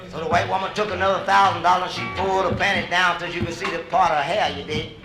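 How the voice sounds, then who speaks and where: Male standup storyteller, high voice, live club room echo. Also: level tone, fast talker, hardly any pauses, over music. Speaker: stand-up comedian. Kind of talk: adult comedy storytelling. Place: nightclub stage. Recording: echoey live club recording.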